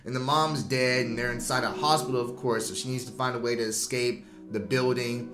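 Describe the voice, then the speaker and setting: A man casually recapping a horror movie, animated and slangy, acting out the characters' lines and laughing often. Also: medium pitch, brisk, roomy sound, over music. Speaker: movie reviewer.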